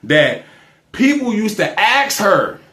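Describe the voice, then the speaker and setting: A man, a guest in a casual interview, talking in an animated, joking way and repeating his phrases. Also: high voice, slow, roomy sound.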